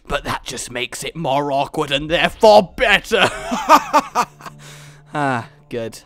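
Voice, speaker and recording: A man hosting a gaming channel, giving excitable, rambling gameplay commentary full of giggles. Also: a little high, dry recording.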